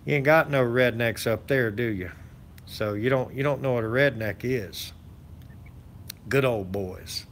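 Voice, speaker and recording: A man's voice: medium pitch, unhurried, slight background noise. A man hosting his channel, chatting casually with viewers in a rambling, folksy way full of fillers and restarts. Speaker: channel host. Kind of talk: casual live-stream chat.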